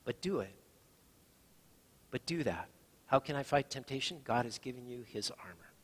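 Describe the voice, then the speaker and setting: A husky middle-aged man preaches to his congregation. His voice carries a long reverb from a large hall, and he tells stories with sudden swings between soft and loud. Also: mid-range voice, animated, normal speed. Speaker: pastor. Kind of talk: sermon.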